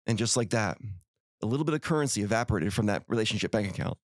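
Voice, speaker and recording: A man's voice: on the low side, expressive, racing, no room sound, clean studio sound. A middle-aged man hosting a podcast, giving an earnest, folksy motivational talk full of rhetorical questions. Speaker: podcast host.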